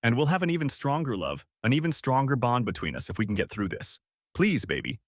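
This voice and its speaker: A man's voice: mid-range voice, very animated, brisk, no echo, studio quality. A man voicing a desperate, unfaithful young wife who begs her husband over the phone. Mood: pleading. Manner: desperate, begging.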